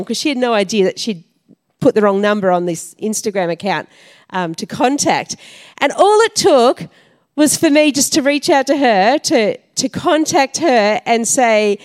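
A woman's voice: sits high, lively intonation, moderate pace. A woman leading a church service, telling a casual story to the congregation in a chatty way. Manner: chatty, with frequent fillers and laughs.

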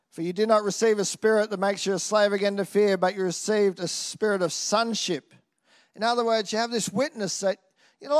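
A high-pitched man preaches an animated sermon, swinging between loud exclamations and quiet asides and frequently throwing in a "hey?".

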